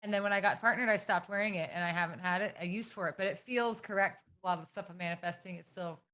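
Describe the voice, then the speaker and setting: Bright-voiced chatty woman on a call. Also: on the low side, fast. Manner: chatty, rambling storytelling. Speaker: class participant. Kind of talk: casual chat. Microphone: video call.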